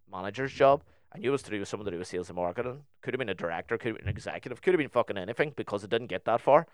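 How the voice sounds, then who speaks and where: A young Northern Irish man tells a story in casual podcast chat, acting out each side of a past conversation. His voice sits fairly low and sounds smooth and clear. The sound is dry and close, with no room around it. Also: dry recording. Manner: animated, acts out both sides of the story.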